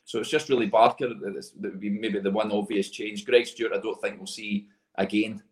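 A man's voice: on the low side, steady tone, fairly quick, reverberant. A man with a Scottish accent, co-hosting a football podcast, thoughtful and asking questions. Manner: thoughtful, asks questions, hesitant. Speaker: podcast co-host. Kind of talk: casual football chat.

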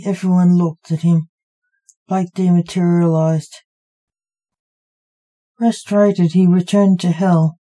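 A woman narrating a short story in a measured, even manner. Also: lowish voice. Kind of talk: scripted narration.

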